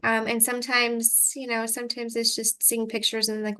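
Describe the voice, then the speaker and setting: A woman's voice: fairly high pitch, flat delivery, moderate pace, fairly bright tone. A woman leading a group video call, coaching with breathing cues and affirmations in an encouraging way. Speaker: energy clearing coach. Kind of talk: guided breathing and coaching session.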